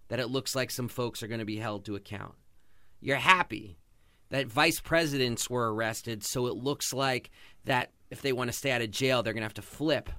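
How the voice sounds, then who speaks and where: A man's voice: mid-range voice, fairly bright tone, dry recording. A man hosting a podcast, giving passionate, sarcastic sports commentary. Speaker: podcast host.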